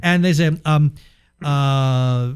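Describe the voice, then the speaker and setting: Male co-host, slightly high voice, loose chatty banter with restarts. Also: extremely slow, clean tone. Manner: chatty, stumbles and restarts when explaining. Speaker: podcast co-host. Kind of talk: casual banter.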